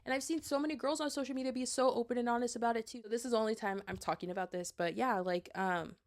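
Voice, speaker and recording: A woman's voice: on the high side, fairly even intonation, fast. A woman in her twenties hosting a solo podcast, chatting earnestly and handing out advice with lots of likes and restarts. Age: 20s. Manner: urging, advice-giving. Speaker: podcast host. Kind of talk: casual solo podcast talk.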